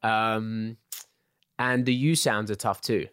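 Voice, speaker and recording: A man in his thirties with an English accent, a guest actor talking in a relaxed, chatty way, full of filler words. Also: fairly low pitch, slow pace, clear, resonant tone, no echo, clean studio sound. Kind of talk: casual interview chat.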